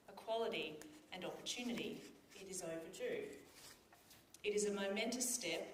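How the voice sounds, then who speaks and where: A woman delivers an earnest, heartfelt formal speech with a lowish voice. She is caught in an echoey function room, a bit away from the mic, with faint background hum. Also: recorded from a distance. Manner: earnest, heartfelt, emotional in places. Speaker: government minister giving a speech.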